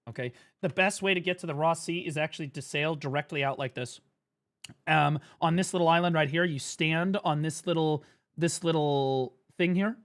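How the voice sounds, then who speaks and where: A young man streaming a game, ranting and swearing excitedly as he explains it. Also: fairly high pitch. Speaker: gaming streamer. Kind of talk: live gaming commentary.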